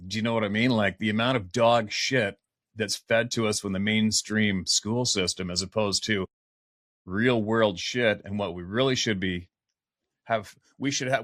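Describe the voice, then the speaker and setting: A man's voice: fairly low pitch, normal speed, a bit bright, no room sound, studio quality. A man hosting an interview, talking bluntly and with frustration, swearing freely. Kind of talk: casual interview chat.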